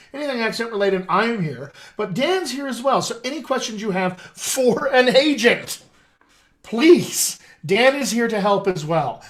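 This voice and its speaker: High-voiced man hosting a chatty live stream. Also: a bit bright. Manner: chatty and playful, talking straight to viewers. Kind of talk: casual live-stream chat.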